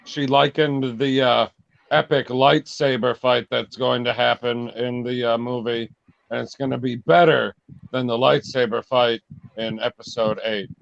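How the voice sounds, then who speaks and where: A man's voice: mid-range voice, level tone, unhurried, gravelly, dry recording. Male co-host for a casual podcast-style stream, teasing and swearing, dry and slightly dull audio.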